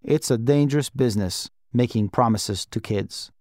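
A man's voice: mid-range voice, normal speed, darkish tone, no echo, clean studio sound, lightly acted. A man reading aloud and voicing a middle-aged male embassy official who speaks in a cold, clipped, bureaucratic way. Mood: guarded.

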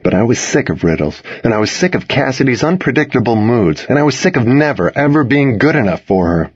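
A man narrating a first-person audiobook, reading the dialogue in an earnest, expressive way. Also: medium pitch, brisk, slightly rough, dry recording, highs cut off.

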